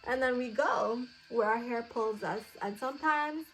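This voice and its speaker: A woman's voice: fairly high pitch, measured pace, fairly bright tone. A woman in character as a psychic priestess giving a magic class, rambling with many fillers in a mystical tone. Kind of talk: improvised role-play class.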